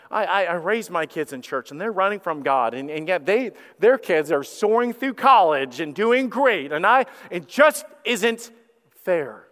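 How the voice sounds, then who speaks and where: A middle-aged male pastor preaches in a lively storytelling way, acting out the people in his story and often repeating his words. His voice is smooth and resonant and sits a little high. The sound carries a long reverb from a church sanctuary. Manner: animated, acts out quoted voices, repeats words. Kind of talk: sermon storytelling.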